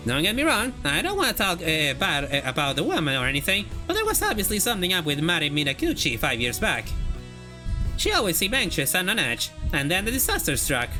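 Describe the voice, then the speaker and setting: A game streamer putting on a stern older woman who bluntly warns two youngsters off, pitched higher than the streamer's own talk. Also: wildly swooping pitch, a little fast, sharp tone, soft background music. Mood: scolding. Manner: scolding, blunt, warning.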